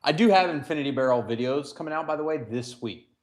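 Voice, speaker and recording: A man's slightly high, darkish voice moves at a quick, animated clip as he hosts a whiskey stream at home. He chats and jokes loosely while walking to the garage, phone held in his hand.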